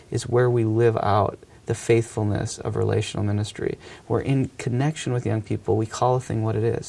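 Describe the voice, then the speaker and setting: Low, gravelly man in his thirties; earnest, reflective storyteller who hesitates often. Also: warm tone. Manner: earnest, hesitant with frequent fillers. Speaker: youth ministry speaker.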